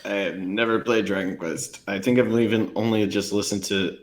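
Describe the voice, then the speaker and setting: A man with a lower voice joins a casual game podcast as a panelist. He speaks haltingly, stops and restarts his sentences, and often trails off. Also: fairly even intonation. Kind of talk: casual chat.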